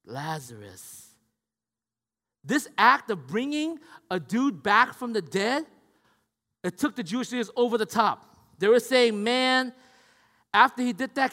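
A man's voice: high-pitched, lively intonation, moderate pace. Man, pastor, sermon, conversational, dynamic swings, long hall reverb. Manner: dynamic preaching, swings from loud to hushed; conversational, asks the audience questions.

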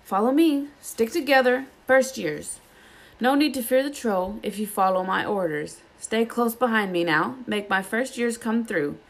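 A woman's voice: fairly high pitch, unhurried, voice pushed up. A woman doing Percy Weasley, pompous teen prefect. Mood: bossy. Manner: bossy, commanding. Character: pompous self-important teenage boy prefect.

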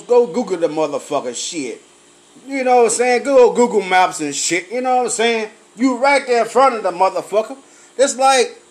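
A high-pitched man, a little drunk and sweating, rants in a comedic style and swears at almost every word. He keeps mimicking the people who pester him with questions, with a lot of energy. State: tipsy, sweating. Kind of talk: profane comedic rant. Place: lively night venue with drinks.

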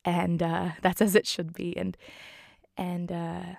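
A woman's voice: on the low side, monotone, slow pace, gravelly, darkish tone, dry recording, studio quality. A woman recapping a film in casual talk, heartfelt and rambling with many fillers. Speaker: film reviewer.

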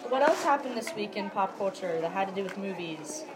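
A woman's voice: mid-range voice, animated, fairly quick, background noise. A young woman co-hosting a school podcast, sarcastic and self-deprecating in casual chat. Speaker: student podcast co-host. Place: school hallway area. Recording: students chattering behind.

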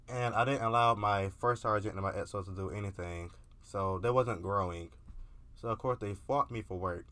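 A man's voice: lowish voice, normal speed, pushed and bright. A young man vlogging in a candid, casual confessional monologue, profane and peppered with filler words.

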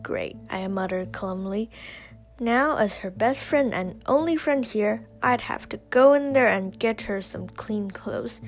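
A woman reading a first-person adventure story aloud, carefully, with small slips and restarts. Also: fairly high pitch. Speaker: story reader.

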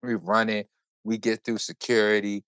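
A man hosting a podcast, telling a story in casual chat with animated, profane, run-on delivery. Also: fairly low pitch, normal speed, clean tone, no room sound. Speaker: podcast host.

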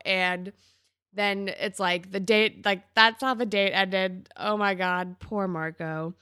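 A woman co-hosting a podcast, chatting casually through an episode recap and acting out characters' lines with big jumps in pitch. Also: fairly even intonation, slow, pushed and bright, clean tone, no echo, clean studio sound. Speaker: podcast co-host.

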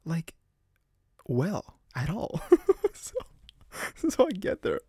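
Young Canadian guy, podcast storyteller, gravelly and filler-heavy. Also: a little high, wildly swooping pitch, slow pace, pauses often, darkish tone, no echo, clean studio sound. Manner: rambling, heavy on "like" fillers, laughs often. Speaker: podcast host.

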